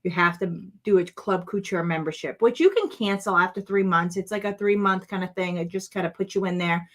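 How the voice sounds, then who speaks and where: A woman's voice: fairly low pitch, steady tone, fairly quick. A woman in her thirties or forties hosting a casual crafting vlog, chatty, rambling and playful with her viewers. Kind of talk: casual livestream chat.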